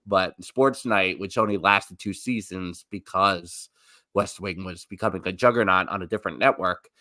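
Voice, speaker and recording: In a low, bright and forceful voice at normal speed, a man co-hosts a podcast, rambling in casual chat and revising himself mid-thought. The sound is dry and studio clean.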